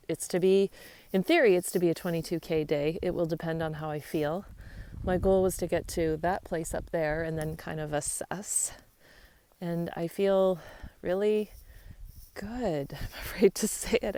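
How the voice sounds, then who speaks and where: Walking a country trail, a vlogger on a long-distance hike talks into the phone in her hand with a low, slightly mellow voice. The casual travel vlog is cheerful and relaxed, and she laughs easily.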